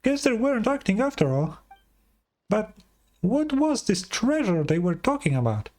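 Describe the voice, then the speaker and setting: A man voicing a chirpy small female fairy companion in a high, squeaky, excitable voice. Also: normal speed. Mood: skeptical.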